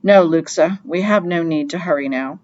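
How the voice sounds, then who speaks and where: A woman's voice: on the low side, moderate pace, a little mellow, muffled recording, natural voice. A woman reading an audiobook, voicing a cold young male royal traitor who speaks coldly. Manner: cold with a slight tremor.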